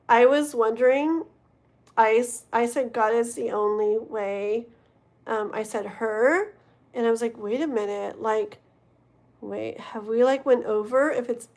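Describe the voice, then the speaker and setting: Giggly, rambling tarot streamer woman. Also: a little high. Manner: rambling, giggly, talks to chat. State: tired, yawning. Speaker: livestream tarot reader. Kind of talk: casual livestream chat.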